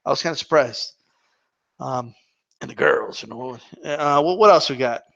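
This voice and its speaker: A man's voice: medium pitch, normal speed, creaky, fairly bright tone, lo-fi sound. A man hosting a live Q&A stream, chatting casually in a rambling way and swearing freely. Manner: rambling and profane.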